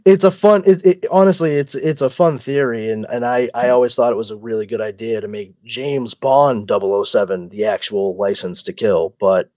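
A man in a casual chat, wry and quick with a joke. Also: medium pitch, darkish tone, dry recording.

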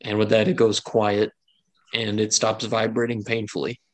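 A man's voice: on the low side, level tone, normal speed. A man narrating a tabletop game as game master, casual and rambling.

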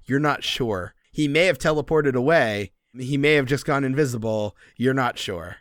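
A man's voice: mid-range voice, moderate pace, dry recording, clean studio sound. A man narrating as game master, describing scenes and rules with frequent laughter. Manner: animated, descriptive, laughing often.

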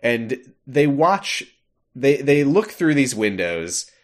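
A man's voice: mid-range voice, very animated, takes it slowly. A man co-hosting a podcast, chatting casually while recapping a video game, laughing often and dropping into silly voices when he quotes characters. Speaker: podcast co-host.

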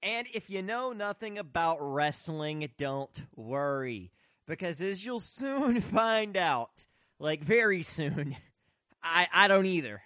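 Playful, bright-voiced male co-host. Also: sits high, big pitch swings, takes it slowly, dry recording, studio quality. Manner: goofy, laughing, playful teasing. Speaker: podcast co-host. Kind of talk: casual podcast chat.

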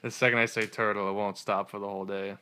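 A man co-hosting a casual podcast chat, rambling and laughing often as he gets excited. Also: lowish voice, fast, clean tone. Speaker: podcast co-host. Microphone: studio podcast mic.

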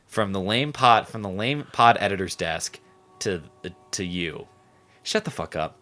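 Sarcastic swearing man with a lively voice. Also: low-pitched, unhurried. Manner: sarcastic, rambling, swears a lot. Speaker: podcast host. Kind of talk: casual profane local-news chat.

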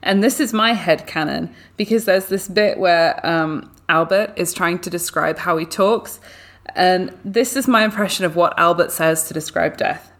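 A woman's voice: lowish voice, normal speed, fairly bright tone. A woman co-hosting a podcast, chatting casually and enthusiastically about a book, with lots of filler words. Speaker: podcast co-host. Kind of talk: casual book club chat.

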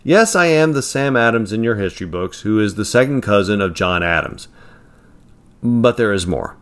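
A man voicing a calm, confident, graying gentleman who guards time, speaking firmly and evenly. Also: on the low side. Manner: calm, firm and measured.

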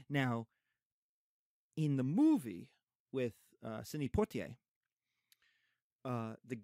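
A man lecturing on a play, explaining scenes in an animated, conversational way. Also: mid-range voice, dry recording, studio quality. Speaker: teacher. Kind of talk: literature lecture.

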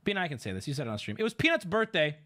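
A man in his thirties telling a rambling story as a streamer in casual chat, animated and profane. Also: on the high side, racing, a little hiss or hum. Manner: rambling, animated, swears, acts out quotes.

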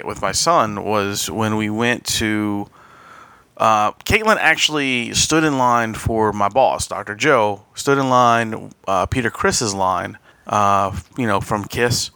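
A man's voice: lowish voice, slow, bright, forceful tone, clear, resonant tone, no echo. A man hosting a podcast, telling a long casual story with frequent restarts and quoted asides. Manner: rambling anecdote with laughs and quoted asides. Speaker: podcast host.

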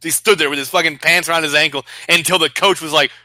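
A young man co-hosting a podcast, animated and crude, swearing freely in casual banter. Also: a little high, quick pace, dry recording. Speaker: podcast co-host.

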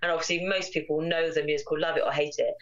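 A woman's voice: low voice, fairly even intonation, fast talker, highs cut off. A woman co-hosting a casual chat podcast, retelling a story at length. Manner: chatty, retells plots at length. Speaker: podcast co-host. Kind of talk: casual chat, film review.

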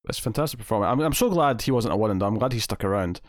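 A man's voice: lowish voice, expressive, very fast, no room sound, studio quality. Enthusiastic rambling male podcast host. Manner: enthusiastic, rambling, many restarts. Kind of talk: casual TV recap chat.

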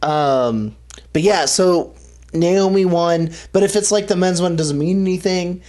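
A man with a fairly high voice on a podcast, speaking in a laid-back and slangy way. It is relaxed talk among friends. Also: a little slow. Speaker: podcast co-host. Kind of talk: casual chat.

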